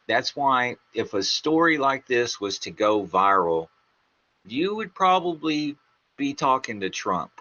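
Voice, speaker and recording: Slow measured male radio host. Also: medium pitch, bright, forceful tone. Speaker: radio talk show host. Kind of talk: radio talk show. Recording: dull lo-fi radio sound.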